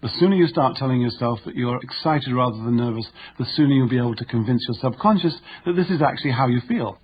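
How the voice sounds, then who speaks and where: A man narrating a nonfiction audiobook in a measured, instructive way. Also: medium pitch, lo-fi sound, a little hiss or hum.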